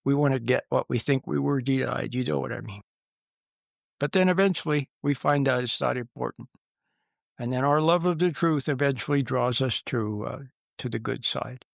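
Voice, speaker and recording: A man giving an informal spiritual talk, telling stories in an unhurried, reflective way with small chuckles. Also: mid-range voice, vocal fry, no echo, clean studio sound. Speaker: spiritual teacher.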